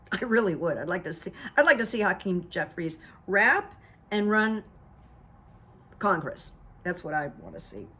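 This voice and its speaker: A woman's voice: lowish voice, a little slow, breathy edge. A middle-aged woman recapping events in a casual, chatty way, acting out what others said as she goes. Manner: animated storyteller, acts out what others said. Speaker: political commentary vlogger and hypnotherapist.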